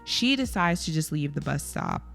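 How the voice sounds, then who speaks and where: A woman's voice: low-pitched, expressive, moderate pace, gravelly, fairly bright tone, faint music behind. A woman hosting her own podcast, telling a story in a chatty, rambling way with lots of "like". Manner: chatty, rambling, heavy use of "like". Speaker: podcast host. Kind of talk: casual solo podcast storytelling.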